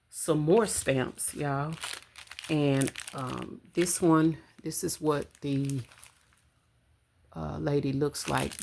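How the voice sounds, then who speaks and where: A woman talks to her viewers in a low, deep voice, relaxed and chatty, calling them y'all. She counts out small amounts aloud at home, recorded on a camera on a stand with a faint hiss of noise behind her. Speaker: budgeting vlogger. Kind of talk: casual chat to camera. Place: home room.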